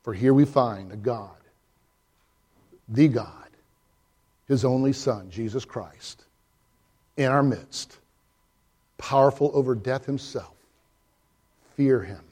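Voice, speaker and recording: A male pastor giving a sermon, swinging from loud, high swells to quiet, hushed drops, and reading a story aloud with voices. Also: slow pace, pauses often, husky.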